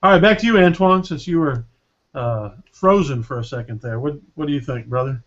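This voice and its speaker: A man's voice: on the high side, brisk, a bit bright, muffled recording. Man hosting a panel with many fillers. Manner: hesitant, many fillers, friendly moderating. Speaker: podcast host. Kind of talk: casual chat.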